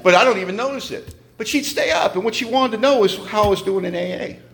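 A man's voice: high-pitched, quick pace, creaky. A man giving a humorous, emphatic personal testimony at a recovery meeting, in a conversational storytelling manner.

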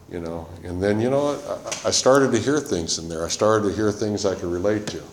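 A man's voice: lowish voice, a little fast, few pauses. Rambling man sharing a personal testimony. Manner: rambling and conversational, full of "you know" and "man". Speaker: speaker sharing his recovery story. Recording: roomy echo with faint noise.

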